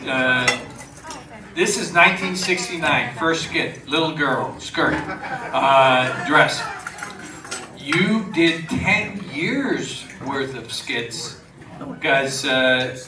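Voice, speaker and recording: A man interviewing a guest on stage, prompting him with brisk questions. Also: mid-range voice, lively intonation, crowd noise. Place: supper club stage before an audience. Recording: roomy venue sound from a distant mic with dish clatter.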